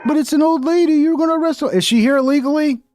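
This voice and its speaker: A man's voice: very high-pitched, rapid-fire, a little mellow, no echo, soft background music. A man streaming casual commentary over a video, blunt and mocking, swearing often.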